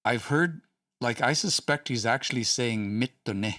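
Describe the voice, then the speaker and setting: A man's voice: mid-range voice, measured pace, bright, forceful tone, no echo, recorded from a distance. A man hosting a casual study session, thinking aloud with hesitant restarts and small chuckles. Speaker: host studying a language.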